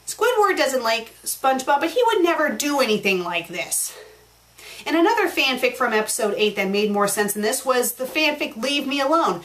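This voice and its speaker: Woman host, casual review vlog, blunt and fed-up delivery, voice slightly high. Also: a bit bright. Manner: blunt, exasperated ranting with fillers. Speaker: fanfiction reviewer, show host.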